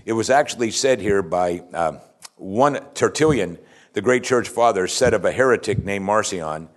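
Male pastor, lower voice, sermon delivery, emphatic call-and-response.

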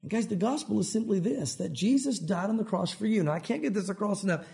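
A pastor from Tennessee preaches in an easy, conversational way, his light Southern accent showing through. He talks fast and often restarts his sentences mid-thought. His voice sits notably high for a man. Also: gravelly, warm tone. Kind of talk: sermon.

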